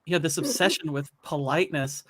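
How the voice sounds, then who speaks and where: A man's voice: a little high, brisk, a bit bright, breathy edge, no echo, clean studio sound. A man in a casual movie discussion, making thoughtful, analytical points.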